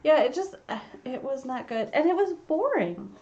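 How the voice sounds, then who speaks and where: A woman's voice: high-pitched, sing-song, normal speed, darkish tone, muffled recording. A woman co-hosting a podcast, chatting casually about a film, offhand and laughing often. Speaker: podcast co-host. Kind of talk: casual movie review chat.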